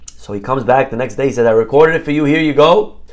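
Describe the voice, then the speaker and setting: In a mid-range voice, a rabbi teaches Torah like he's telling a story in conversation, frequently slipping in quick "right?" asides to his audience.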